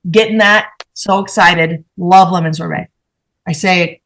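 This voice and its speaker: A woman on a podcast panel, telling a story in a casual, animated and profane way and acting out the dialogue. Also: medium pitch, normal speed.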